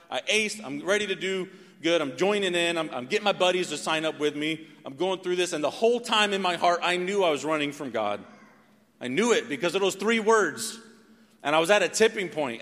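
Guy from north carolina preaching his life story, kinda high voice, long echo in the hall. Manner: animated storytelling with frequent "right?". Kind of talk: sermon testimony. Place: church sanctuary.

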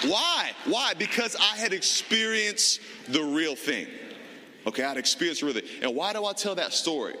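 Animated male preacher in a big hall. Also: on the high side, normal speed, slight background noise. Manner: animated storytelling, addressing a live congregation. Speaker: pastor. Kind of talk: sermon. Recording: reverberant hall, faint ambience.

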